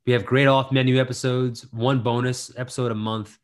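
A man's voice: mid-range voice, little pitch movement, brisk. A man with a mid-range voice co-hosts a podcast and keeps things playful. He tosses out puns and repeats phrases as running jokes. His delivery stays loose and conversational. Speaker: podcast co-host. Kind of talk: casual chat.

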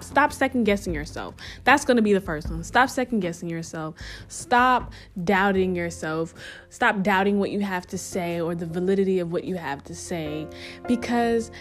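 A young woman hosts her own podcast in a loose, chatty monologue, with a voice of middling pitch. She breaks off with playful asides and hammers home her advice by saying it again. Soft music plays quietly underneath. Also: fairly quick. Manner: emphatic, repeats advice for stress. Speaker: podcast host. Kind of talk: casual reflective monologue.

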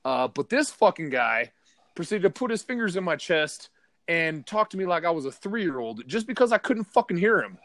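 A man's voice: high voice, sing-song, normal speed, fairly bright tone, no echo. A man co-hosting a podcast, telling a heated, profane story in casual chat. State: partly deaf in left ear. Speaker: podcast co-host.

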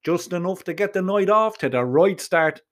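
A man playing a swaggering Dublin bandmate with a cocky, shouty streak, voiced by the same Irish storyteller in an audiobook. The voice sits a touch high and turns loud when he flares up. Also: animated, moderate pace. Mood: coaxing. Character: brash male crooner impersonator, cocky bandmate.

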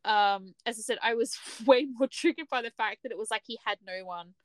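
A woman co-hosts a podcast in casual chat, talking a little fast in a voice on the high side. She's chatty and restarts often as she acts out her own reactions.

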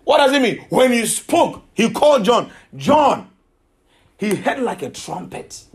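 A man's voice: extremely high pitch, very animated, unhurried. A man preaching a sermon, emphatic, repeating himself and asking his listeners questions.

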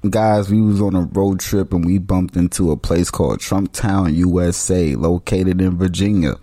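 A man's voice: low-pitched, steady tone, moderate pace, warm tone, no echo, clean studio sound. A man co-hosting a podcast in loose, slangy casual chat. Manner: loose, slangy, laid-back. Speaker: podcast co-host.

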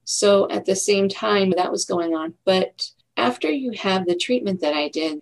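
A woman's voice: mid-range voice, vocal fry, a little mellow, poor audio. A middle-aged woman telling her own story in a candid, reflective way during a casual interview. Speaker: guest.

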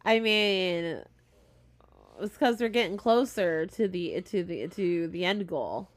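A woman's voice: fairly low pitch, lively intonation, slow. A woman co-hosting a podcast, chiming in with short reactions during casual chat. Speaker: podcast co-host.

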